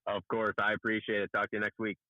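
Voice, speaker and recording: A man calling in to a sports radio show as a regular football writer, talking in a relaxed, rambling way. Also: lowish voice, fast, dry recording. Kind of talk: call-in radio analysis. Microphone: phone. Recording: tinny phone line.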